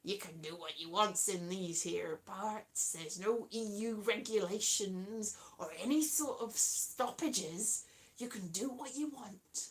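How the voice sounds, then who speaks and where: A woman putting on a swaggering old-time pirate voice with a growling, drawn-out West Country burr. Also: medium pitch, pitched below the performer's own voice, lightly acted.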